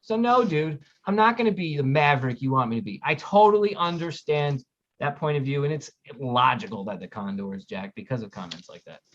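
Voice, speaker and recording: A man's voice: mid-range voice, lively intonation, a little fast, fairly bright tone, slight background noise. Blunt, cursing man ranting on a stream. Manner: blunt, swears often, exasperated ranting. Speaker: podcast co-host reading chat. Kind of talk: casual livestream chat. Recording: muffled lo-fi audio.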